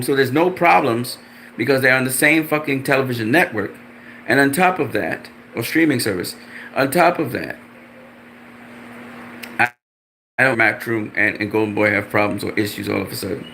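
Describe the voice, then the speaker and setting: A man's voice: normal speed, creaky, a little hiss or hum. A man angrily ranting about boxing, profane and repetitive, with mocking jumps in his voice. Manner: animated, mocking pitch jumps. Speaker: boxing commentator. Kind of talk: ranting commentary.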